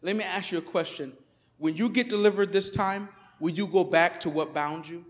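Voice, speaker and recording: A male pastor preaching in a church sanctuary, his voice sitting unusually high for a man. He moves between emphatic, declaring peaks and hushed, conversational asides. The sound rings with the long reverb of a large hall. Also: moderate pace. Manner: emphatic preaching, swinging from loud proclamations to quiet asides. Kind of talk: sermon.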